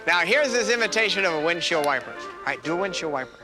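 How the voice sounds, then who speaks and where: High-voiced man coaxing a performing bird. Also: expressive, fast, over music. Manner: coaxing, encouraging. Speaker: animal trainer. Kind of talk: coaxing a bird through a stage act.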